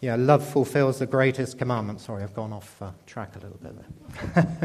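In a mid-range, slightly mellow voice at normal speed, a man delivers a sermon conversationally and keeps asking the congregation rhetorical questions.

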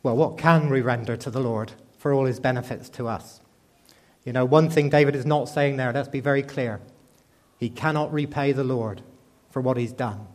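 A slightly mellow, mid-range male voice moves at normal speed through a sermon. The preacher is conversational, regularly putting rhetorical questions to his congregation.

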